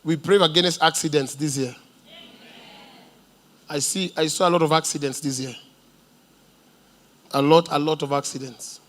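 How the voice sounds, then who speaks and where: A man's voice: a little high, a bit bright. A man with a Kenyan accent preaching a prophetic sermon in church, commanding and decreeing, with Swahili asides. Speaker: pastor. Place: church service.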